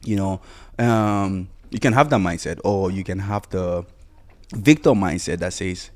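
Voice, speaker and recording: Low-voiced man hosting a motivational podcast. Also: a little slow, a little mellow. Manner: casual, repetitive, full of "you know"; urging, insistent repetition. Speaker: podcast host. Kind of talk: solo motivational podcast talk.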